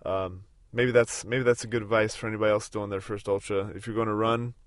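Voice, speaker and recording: A man in his thirties hosts a casual podcast recorded on a road trip, his lowish voice showing little pitch movement at a slightly fast pace. The recording is dry, and he rambles with lots of fillers and restarts.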